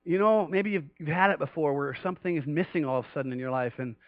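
A man preaching a sermon to a congregation in an animated way, often rising louder and higher in pitch to stress a point. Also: fast talker, no echo, muffled recording. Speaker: pastor.

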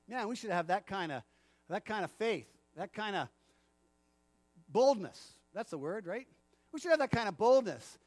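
A man preaching a sermon in a church, animated, acting out the quotes and laughing often. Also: sits high, moderate pace, pauses often, no echo, soft background music. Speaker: pastor.

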